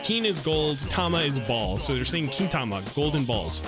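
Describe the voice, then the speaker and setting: A man's voice: a little high, big pitch swings, normal speed. A man streaming a game who tells a long story in a rambling, profane way, often restarting his sentences. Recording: clear background music under voice. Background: music playing.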